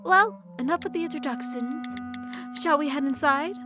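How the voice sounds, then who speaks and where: A woman's voice: high voice, normal speed, pitched above the performer's own voice, natural voice. A woman voicing a fussy male detective who is afraid of germs, in a prim, stiffly polite way. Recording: game music playing behind.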